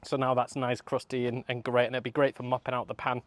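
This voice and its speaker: A man presenting a recipe outdoors at a motorhome, relaxed and savoring, talking the viewer through each step of a cooking demonstration. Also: medium pitch, fast, no room sound. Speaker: camper cook presenting a recipe.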